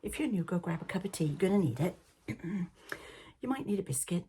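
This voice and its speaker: A woman in her fifties with a Liverpool accent softened by years in Canada, hosting a knitting podcast in a chatty, rambling way. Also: lowish voice, brisk, a little hiss or hum. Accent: Liverpool English softened by decades in Canada. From England, Liverpool. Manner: chatty and rambling, with laughs and excited asides. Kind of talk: casual chat.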